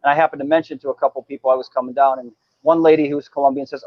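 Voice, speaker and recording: A man's voice: medium pitch, steady tone, racing, few pauses, dry recording. Chatty man, dry dull sound. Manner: chatty storyteller with many restarts. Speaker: guest. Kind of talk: casual chat.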